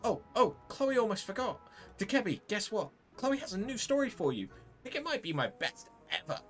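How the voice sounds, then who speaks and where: A woman's voice: mid-range voice, sing-song, normal speed, faint music behind, pitched above the performer's own voice, close to an everyday voice. A woman voicing a sweet, chirpy young shopkeeper, reading game dialogue aloud in a sing-song way.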